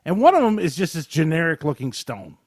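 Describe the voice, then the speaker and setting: A man's voice: a little high, fairly quick, dry recording, studio quality. A man co-hosting a podcast, casually and animatedly retelling a movie plot. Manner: animated retelling, mimics characters in exaggerated voices. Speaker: podcast co-host. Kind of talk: casual movie review chat.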